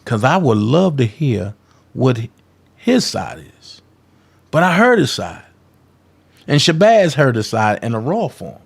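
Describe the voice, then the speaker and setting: Gravelly, heated man ranting. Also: medium pitch, very animated, slow, pauses often. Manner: profane, heated, calling people out. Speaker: commentary vlogger. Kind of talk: confrontational ranting commentary.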